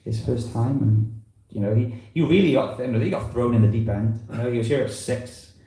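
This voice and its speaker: Gravelly dark-voiced man in an echoey hall. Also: mid-range voice, fairly quick. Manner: rambling and conversational, full of "you know". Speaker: visiting preacher. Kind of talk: informal talk to a temple congregation. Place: temple hall.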